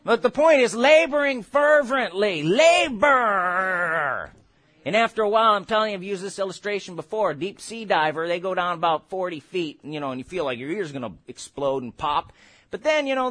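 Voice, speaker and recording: Preacher, male, middle-aged, high-pitched, emphatic delivery that swings from quiet to shouting. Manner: emphatic, builds to shouted exhortations and quick asides. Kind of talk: sermon.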